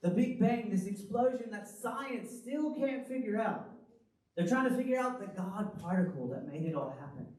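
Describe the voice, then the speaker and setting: Animated male pastor in an echoey hall. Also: high voice, normal speed. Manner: animated, conversational preaching with rhetorical questions. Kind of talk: sermon. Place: church hall. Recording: very echoey hall, from the far mic.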